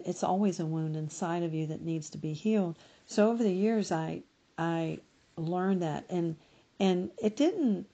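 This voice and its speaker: A middle-aged woman speaking as a podcast guest, giving slow, reflective personal testimony and often correcting herself mid-sentence. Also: on the low side, dark tone.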